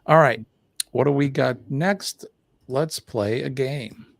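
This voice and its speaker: A man's voice: mid-range voice, slow pace, vocal fry, no echo. An older man hosting a casual live stream, chatting and reading viewer comments aloud with lots of fillers.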